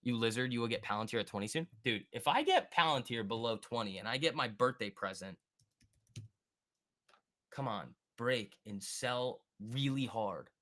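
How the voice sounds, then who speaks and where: A man hosting a live stock trading stream, thinking aloud and answering chat in an excitable, quick way. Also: mid-range voice. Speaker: stock trading livestream host. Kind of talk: live market commentary reading chat.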